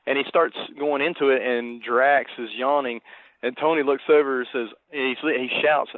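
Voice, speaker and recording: A man cohosting a podcast, retelling a film scene in casual, animated chat. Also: medium pitch, normal speed, dry recording. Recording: tinny dry phone line.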